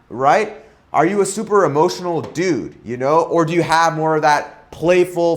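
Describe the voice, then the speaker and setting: A young man coaching on dating in a casual monologue, often tagging his points with "right?" and "okay?". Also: a little high. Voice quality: ends points with "right?" and "okay?" tag questions.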